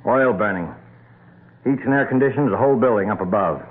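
An actor playing a brooding, impatient husband in an old-time radio drama, gruff and menacing. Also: male voice, lowish voice, fairly quick, natural voice. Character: brooding husband luring his wife underground. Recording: tinny lo-fi old radio broadcast with hiss.

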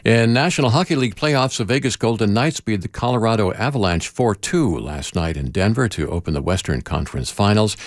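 A man's voice: fairly low pitch, lively intonation, a little fast, few pauses, no room sound, clean studio sound. A man hosting local radio, reading news and sports briefs.

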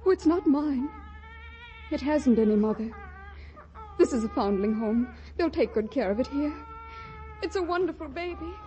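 A woman's voice: high-pitched, animated, a little slow, pauses often, a little mellow. A pleading, tearful young mother. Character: distressed young woman leaving a baby. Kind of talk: 1940s radio acting. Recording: dull 1940s radio broadcast from off-mic.

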